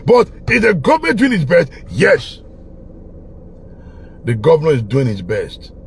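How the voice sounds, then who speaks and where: A man's voice: on the high side, wildly swooping pitch, unhurried, creaky, slight background noise. A Nigerian man speaking with a Pidgin-flavoured accent, giving a passionate, preachy political monologue full of repetition. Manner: preachy, repetitive, with bursts of laughter and shouting. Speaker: online commentator.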